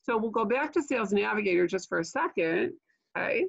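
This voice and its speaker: Chatty older woman with a gravelly voice. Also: mid-range voice, lively intonation, brisk, lo-fi sound. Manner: chatty, keeps asking "okay?" and "right?"; jokey asides. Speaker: LinkedIn trainer. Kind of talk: online training webinar. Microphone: video call.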